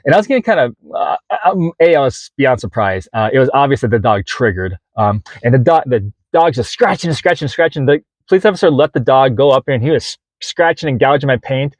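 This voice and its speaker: A man's voice: medium pitch, animated, fairly quick, dry recording. A man in his forties telling a story to camera in a casual vlog from inside his van, rambling with lots of fillers and restarts and acting out the conversations. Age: 40s. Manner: rambling, many fillers and restarts, acts out quoted dialogue. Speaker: vlogger.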